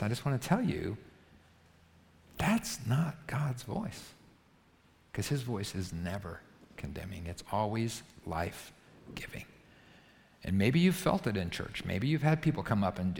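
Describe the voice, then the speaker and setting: A man's voice: on the low side, sing-song, moderate pace, creaky, big-room sound, slight background noise. A man preaching a sermon as pastor, emphatic and often checking in with "right?". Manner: emphatic, punctuates points with rhetorical "right?". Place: church auditorium.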